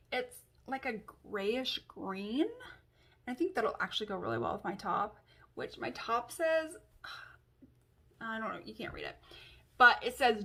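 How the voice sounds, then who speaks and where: A woman's voice: a little high, fairly bright tone. A young woman talking casually through a makeup tutorial as a beauty vlogger, filling her speech with "like" and "um". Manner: chatty, many fillers like "like" and "um".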